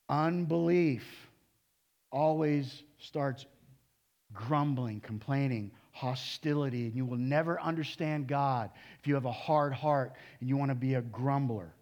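A male pastor in his sixties preaching a sermon in a conversational way, with sudden loud, animated bursts. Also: mid-range voice, a little slow.

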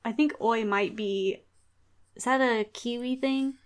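A woman's voice: a little high, unhurried. A woman hosting a podcast in casual chat, laughing often and rambling playfully. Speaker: podcast host.

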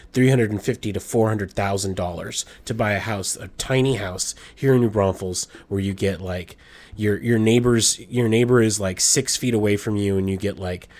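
A man hosting a podcast, telling an animated story in casual chat and swearing freely. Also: fairly low pitch. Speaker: podcast host.

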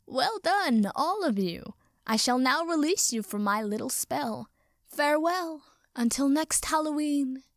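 A woman reading a story aloud and voicing a grandiose male wizard with a booming, theatrical delivery. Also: lively intonation, measured pace, no room sound, studio quality.

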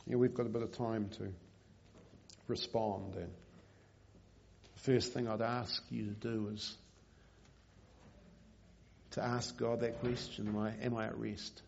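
Gravelly-voiced male pastor reading aloud. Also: on the low side, level tone, unhurried, pauses often, darkish tone, slight background noise. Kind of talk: sermon with a read-aloud story. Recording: dull lo-fi recording.

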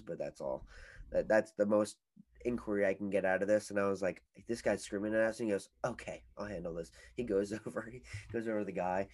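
A young man with a somewhat low voice tells a story on a casual podcast. He rambles and fills his sentences with "like" as he goes. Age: young adult. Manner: rambling storyteller, heavy use of "like". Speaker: podcast co-host. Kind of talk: casual chat.

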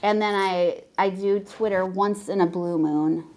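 A woman's voice: mid-range voice, fairly even intonation, unhurried, a little mellow, poor audio. A tired woman in her thirties, a podcast guest, telling profane, rambling stories full of acted quotes in casual chat.

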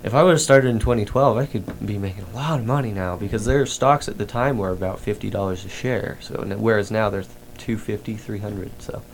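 Guy hosting a podcast, low voice, rambly, lots of ums and restarts. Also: a little fast, few pauses, a little hiss or hum. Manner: rambling, with frequent fillers and restarts. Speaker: podcast host. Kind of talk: casual chat.

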